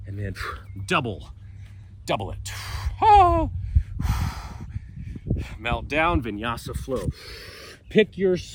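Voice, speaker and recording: A man's voice: mid-range voice, noisy background. A man leading a yoga workout outdoors, cueing poses with joking asides, breathing hard from the exercise. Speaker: yoga instructor. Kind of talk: guided workout instruction. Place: outdoors with a mountain view.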